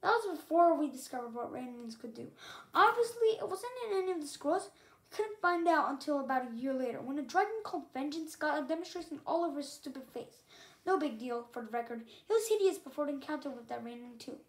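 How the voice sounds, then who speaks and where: A woman's voice: high-pitched, lively intonation, brisk. A woman reading a novel aloud in the first person, telling the story as the main character. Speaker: reader.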